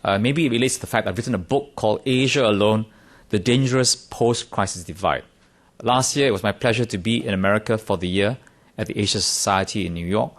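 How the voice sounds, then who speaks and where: A man's voice: fairly low pitch, brisk. A middle-aged man from Singapore giving a conference talk in a wry, self-deprecating way, with emphatic stresses. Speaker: conference speaker. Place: conference room.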